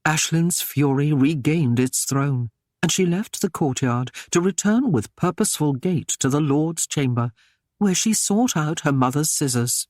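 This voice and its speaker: A man with a fairly high voice narrates a historical romance audiobook, reading scripted text in a measured, even storytelling style. The recording is dry, with clean studio sound.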